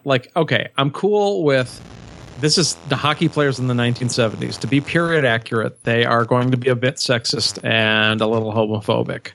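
A man's voice: medium pitch, creaky, a bit bright. A man in a casual podcast chat who talks thoughtfully and hesitantly, with many fillers. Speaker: podcast co-host.

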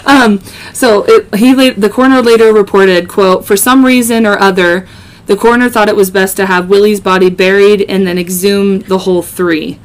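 A woman's voice: mid-range voice, fairly even intonation, normal speed. A woman hosting a podcast, casually narrating a true-crime case with joking asides and many ums. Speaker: podcast host.

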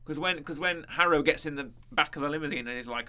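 A man's voice: a little high, quick pace, sharp tone. A man co-hosting a casual chat, rambling and joking with many fillers. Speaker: podcast co-host.

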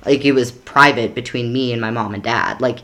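A woman's voice: very deep voice, fairly quick, a bit bright. A young adult woman, a podcast guest, telling a personal story in a frank, emphatic way that is full of "like". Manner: emphatic, frank, swears, peppers talk with "like".

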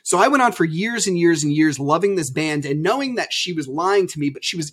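A man as a podcast guest, telling his story candidly over a video call and acting out old arguments with sudden loud bursts. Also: fairly high pitch, fast, few pauses, husky. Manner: animated, acts out past arguments.

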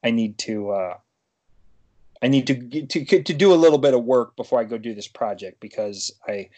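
A man's voice: mid-range voice, lively intonation, normal speed, mellow. Rambling man chatting as a podcast guest. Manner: rambling, self-interrupting storyteller. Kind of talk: casual interview chat.

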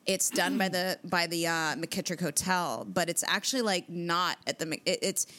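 A woman co-hosting a podcast, telling a story in casual chat, animated and full of swearing and fillers. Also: lowish voice, normal speed. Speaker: podcast co-host.

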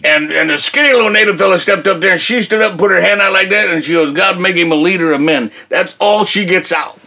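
An older man telling his faith testimony in a folksy, colloquial, animated way. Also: high voice, quick pace, vocal fry. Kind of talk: casual faith testimony storytelling.

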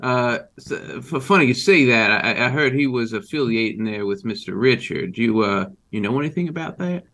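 A man playing a gruff hot-tempered rancher. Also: medium pitch, lively intonation, normal speed, hardly any pauses, a bit bright, natural voice. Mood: folksy. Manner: folksy, hesitant, full of fillers and cursing. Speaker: tabletop game player. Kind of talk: in-character role-play.

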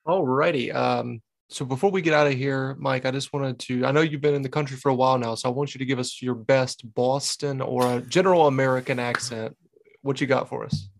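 A man hosting a fan podcast, upbeat and energetic, laughing often. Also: mid-range voice, brisk, vocal fry. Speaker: podcast host. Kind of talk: casual talk show.

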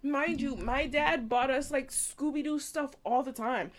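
A young woman co-hosting a casual podcast, telling a story with lively energy. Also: high voice, a little slow. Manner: animated storyteller, laughs through punchlines. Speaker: podcast co-host.

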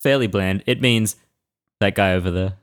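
A man with a Welsh accent and a fairly low voice co-hosts a podcast in relaxed chat. His humor is wry and dry. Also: normal speed. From Wales. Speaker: podcast co-host. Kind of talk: casual chat.

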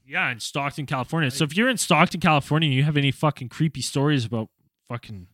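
A man's voice: on the high side, fast talker, fairly bright tone, dry recording. A young man hosting a podcast, reading a creepy listener story aloud and then chatting casually with some swearing. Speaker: podcast host.

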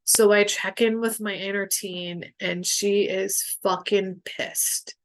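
Woman, podcast guest, gravelly voice, frank and emotional storytelling, casual swearing. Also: medium pitch, fairly even intonation, takes it slowly. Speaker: guest, boundaries coach. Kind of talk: candid conversational storytelling.

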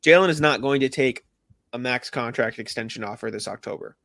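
A man's voice: medium pitch, a little fast, vocal fry, fairly bright tone, dry recording. Guy on a sports podcast, chatty, laughs a lot, dry close mic. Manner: chatty, laughs often, hedging fillers. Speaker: podcast co-host. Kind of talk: casual sports chat.

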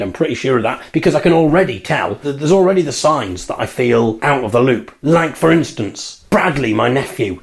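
A man's voice: mid-range voice, darkish tone. A man in his early thirties hosting a solo podcast, telling amused, chatty anecdotes. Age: 30s. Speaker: podcast host. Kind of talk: solo casual monologue. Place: bathroom at home.

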